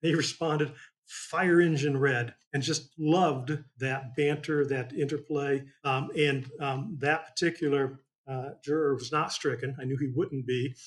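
A man's voice: medium pitch, fairly even intonation, measured pace, hardly any pauses. A man from Indiana, a trial attorney telling a folksy courtroom story in a casual chat, rambling with many fillers.

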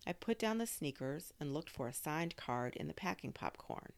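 A woman narrates a children's story with expressive storytelling. Her voice is low yet rises and falls widely, full of movement. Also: normal speed. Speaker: audiobook narrator.

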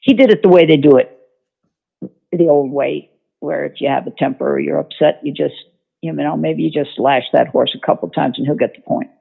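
A woman's voice: sits low, a little fast, gravelly, husky. A woman, an author on horsemanship, telling a story in an interview in a folksy, emphatic way. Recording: tinny phone-line sound.

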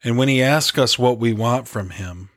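A man narrating a devotional story in an earnest, reflective, measured way. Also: medium pitch, a bit bright, no echo, studio quality. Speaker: preacher.

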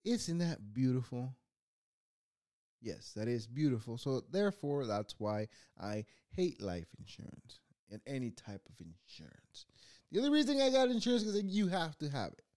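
Channel host, male, rambling profane monologue, lively sing-song delivery. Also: medium pitch, moderate pace. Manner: profane, rambling, animated swings in loudness. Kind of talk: casual ranting monologue.

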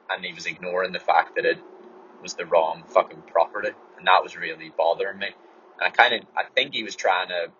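Swearing, rambling man with a husky voice. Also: deep voice, a bit bright. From Ireland. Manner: rambling, swears a lot, restarts words. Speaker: runner and podcast host. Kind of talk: casual solo podcast monologue. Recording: dull lo-fi dry recording.

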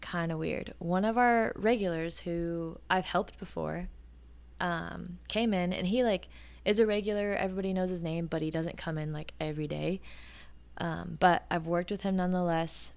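A woman in her twenties hosting a podcast, telling stories in a casual, animated way and acting out the quotes. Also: on the low side, moderate pace, creaky, clean tone. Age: 20s. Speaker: podcast host. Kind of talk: casual storytelling.

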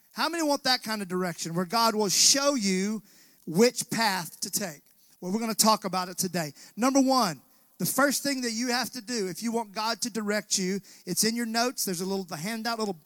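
Man, pastor, sermon, high voice, dry close mic, call-and-response. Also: fairly bright tone, no room sound. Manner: preaching with call-and-response to the congregation. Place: church sanctuary.

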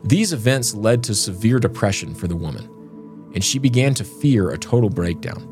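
This man co-hosts a podcast where he first narrates a creepy scripted tale with dramatic flair, then falls into relaxed, joking banter with his partner. His voice is lowish and animated, at a normal speed, with music playing behind it.

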